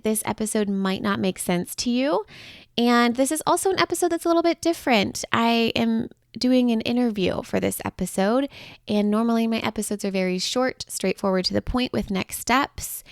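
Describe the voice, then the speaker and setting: A woman's voice: mid-range voice, dry recording, clean studio sound. A woman hosting her own podcast as a breakup coach, talking in a gushing, affectionate, upbeat way, chatty with little laughs. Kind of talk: solo podcast monologue.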